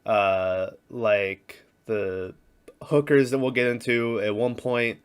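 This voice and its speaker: A man's voice: lowish voice, takes it slowly, smooth. A man co-hosting a casual movie podcast, rambling crudely and acting out scenes in silly voices. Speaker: podcast co-host.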